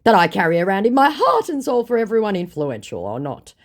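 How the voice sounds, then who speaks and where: A woman's voice: medium pitch, huge pitch swings, fairly quick, voice pushed up. A woman reading out the smarmy, broken-English messages of a male online scammer who poses as a celebrity.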